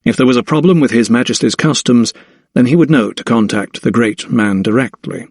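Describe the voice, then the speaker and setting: A man reading a historical mystery aloud in an even, measured storytelling manner. His voice sits at a middling pitch and the recording is close and dry, with no room around it. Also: no echo. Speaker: audiobook narrator. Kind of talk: scripted narration.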